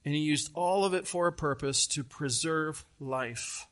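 A man preaching a sermon, retelling a scripture story with earnest, animated emphasis and repeated phrases. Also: a little high, a little slow. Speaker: pastor.

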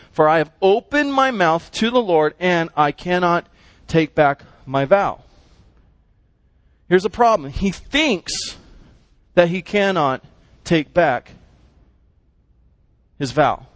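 Teaching a Bible lesson, a man with a high, bright voice stays animated and keeps questioning his class as he works through the text. The recording is close and dry, without room sound or echo.

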